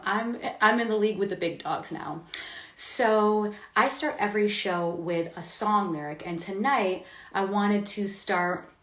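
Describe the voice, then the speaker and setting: A chatty, upbeat woman hosts a live-stream interview in a mid-pitched voice. Her voice carries a roomy echo around it. She laughs easily between questions. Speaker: host.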